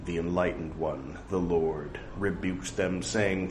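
A man reciting scripture slowly with deliberate, dramatic emphasis and playful asides. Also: deep voice, fairly even intonation, a little mellow, roomy sound, slight background noise. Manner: playful, self-mocking digressions. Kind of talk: slow scriptural reading with wry asides.

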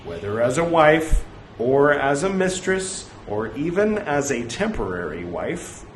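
Slow, lively man reading scripture. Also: mid-range voice, slight background noise. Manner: wry, joking asides. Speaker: reader of scripture. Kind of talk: reading aloud scripture with humorous asides. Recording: roomy echo, faint ambience.

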